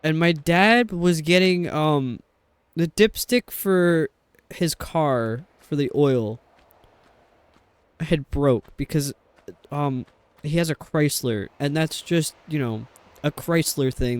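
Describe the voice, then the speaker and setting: A man's voice: on the high side, slow pace, clear, resonant tone, dry recording. A young adult man streaming a game, chatting in a rambling, casual way with lots of fillers. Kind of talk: casual chat while playing a game.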